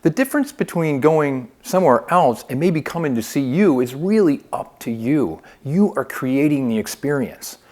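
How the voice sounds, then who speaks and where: A man's voice: fairly high pitch, normal speed, hardly any pauses. A man teaching a phone sales training lesson, upbeat and coaching, often checking in with "okay?". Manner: upbeat coaching, lively inflection, frequent "okay?" check-ins.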